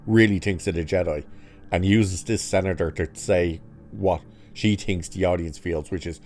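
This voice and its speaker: A man with a low, dark, mellow voice recaps a TV episode in a loose, casual way. He is sarcastic and mocking throughout, swearing freely as he picks apart the plot. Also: fairly even intonation, moderate pace. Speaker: reviewer.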